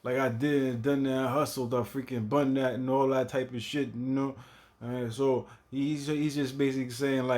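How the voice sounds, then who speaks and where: A man giving casual reaction commentary in a slow, laid-back way, repeating himself. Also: medium pitch, level tone, a little mellow. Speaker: reaction video host.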